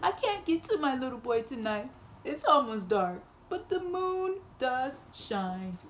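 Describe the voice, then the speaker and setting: A woman's voice: high voice, animated, a little slow, slight background noise. A woman voicing a worried old woman in a read-aloud storybook, pleading in a sing-song lament. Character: worried old woman trying to get home.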